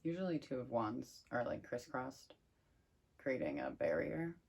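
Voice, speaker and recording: A woman giving a casual tarot reading, chatty and excitable as she thinks aloud over the cards. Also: rumbling low, unhurried, vocal fry, slightly rough. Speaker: tarot reader.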